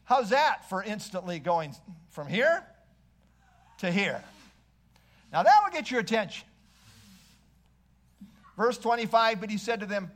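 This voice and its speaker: A high-voiced man delivers an expository sermon. He reads scripture aloud dramatically, then drops his voice to a near hush for quoted words. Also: big pitch swings, slow, long pauses. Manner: expository preaching with dramatic quoted readings and sudden hushes. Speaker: pastor.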